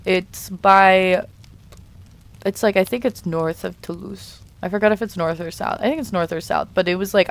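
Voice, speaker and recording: A young woman chatting casually on a live stream while she draws, playfully reading and answering chat messages. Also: fairly low pitch. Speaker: art streamer.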